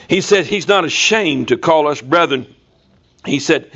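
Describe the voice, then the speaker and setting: A man's voice: a little high, unhurried, a bit bright, dull audio. A man preaching to a congregation, telling stories in a folksy way and rising now and then to emphatic bursts. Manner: folksy storytelling with sudden emphatic rises. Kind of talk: sermon. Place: church before a congregation.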